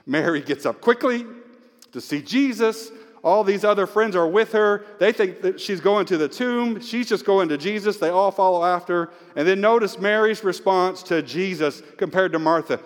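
A male pastor preaching an Easter sermon with scripture reading, emotional and swinging from hushed tones to near-shouting. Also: sits high, expressive, moderate pace. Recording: long hall reverb.

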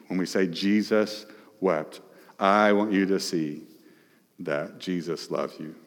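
A man's voice: low voice, measured pace. Man preaching in a reverberant hall. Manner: questions the audience, emphatic, swings between loud and hushed. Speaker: pastor. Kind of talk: sermon.

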